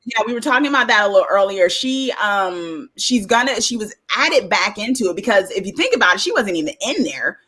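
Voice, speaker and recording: A woman's voice: medium pitch, animated, brisk, hardly any pauses, pushed and bright, slightly rough. A woman hosting a casual film review stream, reading viewer comments aloud and chatting with a loose, filler-heavy delivery. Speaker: host. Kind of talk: casual livestream review chat.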